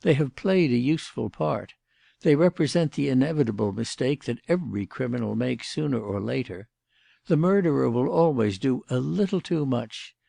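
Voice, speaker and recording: Casting: man reading a composed gentleman detective, gravelly and dark-toned, measured and lucid. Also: medium pitch, expressive, no room sound, studio quality, voice pushed up. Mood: reasoned. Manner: measured and explanatory. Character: calm, methodical male doctor-detective.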